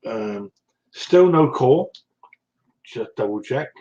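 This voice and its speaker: A man's voice: mid-range voice, animated, takes it slowly, dark tone. A man with a West Country accent chatting casually on a live stream, rambling and answering viewers' comments. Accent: West Country English. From South West England. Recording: dull lo-fi stream audio.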